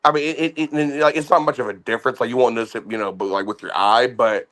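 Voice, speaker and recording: A man's voice: mid-range voice, steady tone, quick pace, a bit bright. A man in his thirties telling a profane story, boastful and laughing, tripping over restarts. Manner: boastful, laughing, swears a lot, stammers on restarts.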